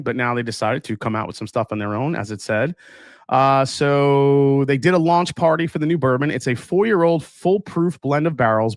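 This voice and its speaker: A man hosting a livestream tastes whiskey and reads viewer comments in a relaxed, chatty way, full of fillers and restarts. His voice is mid-range, recorded dry on a close mic with no echo.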